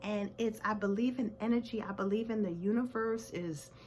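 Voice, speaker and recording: A woman's voice: mid-range voice, moderate pace, darkish tone, a little hiss or hum. A woman in her forties giving a personal motivational talk to camera, earnest and reflective. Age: 40s. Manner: earnest, reflective, many fillers. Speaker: vlogger.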